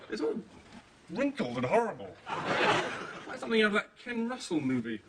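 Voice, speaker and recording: An actor playing a fussy, theatrical middle-aged neighbour, given to dramatic, evasive talk. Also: male voice, high-pitched, very animated, fairly quick. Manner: dramatic, then mumbling and evasive. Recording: sitcom recording, heavy background noise.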